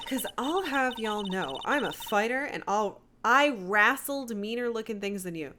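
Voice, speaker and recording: A woman's voice: a little high, expressive, unhurried, a little hiss or hum. A woman putting on a brash Southern drawl. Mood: defiant. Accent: put-on Southern US. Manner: loud folksy drawl, boastful. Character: brash young Southern woman photographer, folksy. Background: game music.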